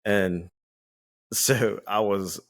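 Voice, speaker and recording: Man, very low voice, podcast co-host, relaxed storytelling, acts out quotes. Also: extremely slow. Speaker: firefighter. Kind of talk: casual conversational storytelling.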